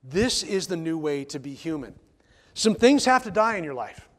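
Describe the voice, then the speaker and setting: A man's voice: on the high side, very animated, moderate pace. A man preaching a sermon in church, emphatic, repeating key phrases and asking the congregation rhetorical questions. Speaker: pastor.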